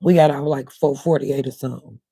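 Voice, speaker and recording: Mellow-voiced woman streaming. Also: a bass voice, steady tone, a little fast, husky, dry recording. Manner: rambling, talks to viewers in chat. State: voice cutting in and out. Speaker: livestream host. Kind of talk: casual livestream chat.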